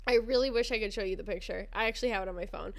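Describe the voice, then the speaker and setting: A woman's voice: medium pitch, rapid-fire. A young adult woman telling a funny story in casual podcast chat, laughing often and acting out the people she quotes. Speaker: podcast co-host.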